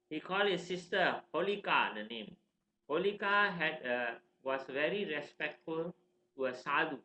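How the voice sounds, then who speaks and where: Bright-voiced man telling a class story. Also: fairly high pitch, moderate pace, a little hiss or hum. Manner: animated, conversational, asks the listeners questions. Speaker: teacher. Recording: roomy, slightly dull recording.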